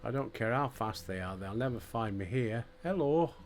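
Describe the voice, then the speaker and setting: A man's voice: mid-range voice, expressive, normal speed, slight background noise, close to an everyday voice. Older Yorkshire man reading a frightened fugitive. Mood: fearful, pleading. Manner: reading game dialogue aloud in his own voice. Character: frightened male ex-convict on the run, pleading.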